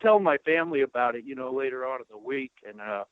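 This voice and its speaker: A man's voice: mid-range voice, animated, fast talker, no echo. Older man telling stories over a phone line. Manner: folksy, self-deprecating anecdotes with frequent restarts. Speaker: guest, retired Marine colonel. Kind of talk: casual storytelling interview. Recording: tinny phone-line audio.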